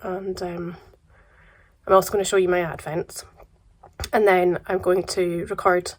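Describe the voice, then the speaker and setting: A Scottish woman vlogging casually about yarn and advent calendars, her voice croaky from a cold, relaxed and chatty with soft trailing asides. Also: fairly low pitch, unhurried. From Scotland. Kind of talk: casual chat to camera.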